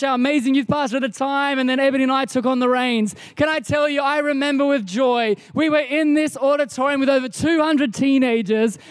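A man, preaching a sermon in a church auditorium with energetic bursts into shouts. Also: extremely high pitch, no room sound. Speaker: pastor.

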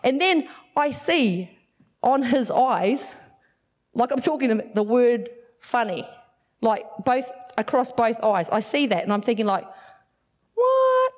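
A woman pastor, telling a story in a sermon and acting out the dialogue. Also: measured pace. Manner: animated, acts out dialogue with big swings in pitch.

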